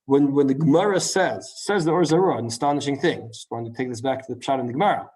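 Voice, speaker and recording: A man teaching a Talmud class in a lively lecture style, full of rhetorical questions and quick asides. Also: mid-range voice, breathy edge. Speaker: Torah teacher.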